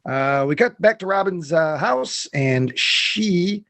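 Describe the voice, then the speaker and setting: A man's voice: fairly high pitch, expressive, slow pace, a bit bright, dry recording. A man co-hosting a podcast, recapping a film scene by scene in loose chat, with lots of fillers and swearing. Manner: swearing, rambling with many fillers.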